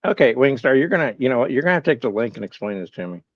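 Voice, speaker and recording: A man's voice: medium pitch, big pitch swings, rapid-fire, dull audio. A man hosting a casual live stream, musing aloud, reading chat replies and poking fun at his own confusion. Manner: bemused, self-mocking. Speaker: livestream host.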